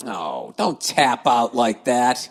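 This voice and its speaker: A man's voice: mid-range voice, very animated, takes it slowly, creaky, long reverb tail, soft background music. A man hosting a podcast, reading listener emails aloud and ranting about them in a profane, exasperated, sarcastic way. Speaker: podcast host.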